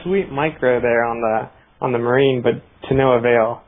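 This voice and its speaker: A man's voice: mid-range voice, steady tone, normal speed. Dry-joking male co-caster, tinny line. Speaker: esports co-caster. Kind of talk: casual live game commentary. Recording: tinny phone-like stream audio.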